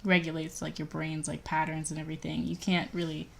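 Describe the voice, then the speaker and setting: A woman with a lowish voice that drops into heavy vocal fry. She co-hosts a podcast in relaxed chat and fills her sentences with "like". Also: a little fast, a little hiss or hum. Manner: filler-heavy, says "like" constantly. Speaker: podcast co-host. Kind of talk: casual chat.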